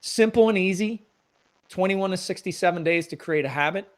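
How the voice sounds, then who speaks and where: A man's voice: high voice, normal speed. Man giving upbeat motivational advice. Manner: earnest motivational coaching tone. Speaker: guest. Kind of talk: conversational interview.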